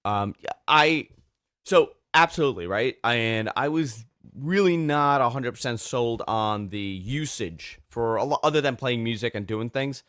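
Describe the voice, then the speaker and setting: A man's voice: medium pitch, animated, unhurried, fairly bright tone, clean tone, no room sound, clean studio sound. A middle-aged man co-hosting a casual tech podcast, chatty and stumbling through restarts. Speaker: podcast co-host.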